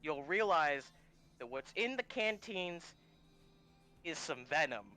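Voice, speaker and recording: A man playing a tabletop game, describing his character with animated, playful storytelling. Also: a little high, slow, faint music behind. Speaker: player.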